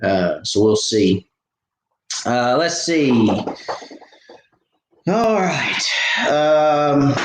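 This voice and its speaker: Folksy fishing host, roomy sound. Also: male voice, on the low side. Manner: rambling, folksy, lots of fillers and restarts. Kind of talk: casual live stream chat. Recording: echoey room with faint background noise.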